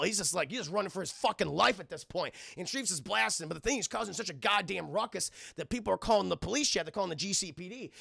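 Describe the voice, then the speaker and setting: A man recapping a cartoon episode to his live chat, excitable and heavily profane. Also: sits high, creaky, dry recording, clean studio sound. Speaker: streamer and cartoon reviewer.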